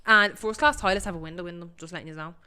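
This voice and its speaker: Young Irish woman, podcast co-host, lower voice, rambling chatty storyteller. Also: very fast, bright, forceful tone, clean tone. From Ireland. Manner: chatty storytelling, full of likes and ums, swears freely. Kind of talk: casual chat.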